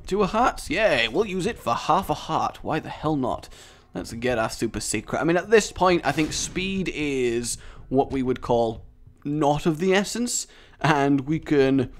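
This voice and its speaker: Sarcastic let's-play commentator, lively swooping voice, male. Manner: sarcastic and self-mocking, jumping into high squeaky bits. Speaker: gaming commentator.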